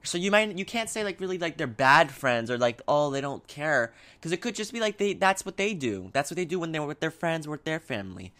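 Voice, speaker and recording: A young man talking casually in a vlog, giving advice in a rambling, animated way with lots of fillers and restarts. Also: a little high, fast, hardly any pauses.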